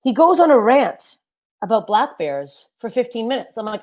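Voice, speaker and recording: Woman comedian, deep low voice, loud and energetic, self-deprecating stories, young adult, webcam sound. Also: normal speed. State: sweaty and overheated. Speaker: stand-up comedian. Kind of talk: stand-up comedy set. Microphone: webcam for a virtual show.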